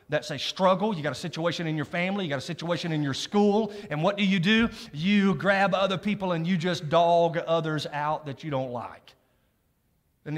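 A middle-aged male pastor preaching a sermon in a church, conversational and joking with the congregation between scripture readings. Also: fairly high pitch. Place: church sanctuary. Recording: long hall reverb.

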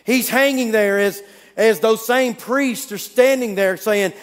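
A man preaching a sermon, telling the story dramatically, swinging from loud to hushed. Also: high voice, measured pace, big-room sound. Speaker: pastor.

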